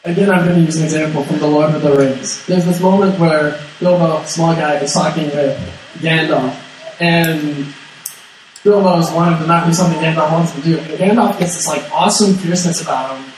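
A man's voice: a little high, fairly even intonation, brisk. A man preaching a casual, conversational sermon, often repeating words as he goes and acting out quotes along the way. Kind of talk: sermon, conversational Bible teaching. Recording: echoey hall, distant mic, faint noise.

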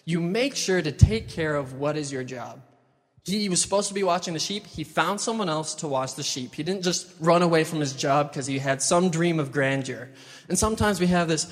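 A man's voice: fairly high pitch, lively intonation, moderate pace. A young man preaching in a chatty, casual way, retelling a Bible story and acting out the quotes. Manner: chatty, uses "like" a lot, acts out quotes. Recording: long hall reverb.

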